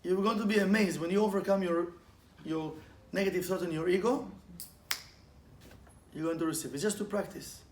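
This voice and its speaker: Man, high-pitched, animated storytelling, roomy echo. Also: normal speed. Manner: animated, laughs often, acts out quotes and sound effects. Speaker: Kabbalah teacher. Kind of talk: informal spiritual lesson with storytelling. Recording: echoey room with faint ambient noise.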